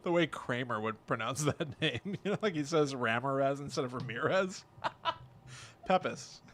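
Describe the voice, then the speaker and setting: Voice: medium pitch, lively intonation, measured pace, a bit bright, slight background noise. A podcast co-host chatting casually, joking and teasing, and laughing a lot.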